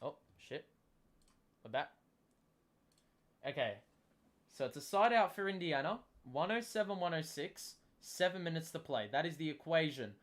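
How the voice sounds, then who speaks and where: A young man hosting a live basketball watchalong stream, chatting with viewers and calling plays, getting loud and excited on big moments. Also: fairly high pitch, moderate pace, pauses often. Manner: chatty, self-deprecating. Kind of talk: live casual commentary, reading chat.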